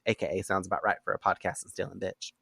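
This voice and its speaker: A man hosting a podcast in a casual chat, animated and profane, laughing often and acting out quotes from characters. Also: sits low, quick pace, gravelly, dry recording, clean studio sound. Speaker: podcast host recapping an episode.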